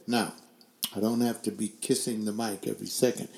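A man's voice: on the low side, level tone, brisk, vocal fry, a little mellow, echoey room. An older man hosting his own webcast, giving his opinions and stringing together rhetorical questions into a desk microphone. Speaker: webcast host. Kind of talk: opinion commentary to a webcast audience. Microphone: desk microphone, later adjusted to sit further back.

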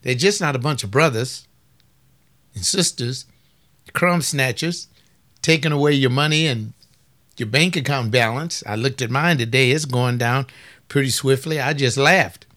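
A man talks in a loose preaching style, folksy and teasing. He keeps prodding his listeners with rhetorical questions at a middling pitch. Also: measured pace, a bit bright. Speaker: speaker on family life.

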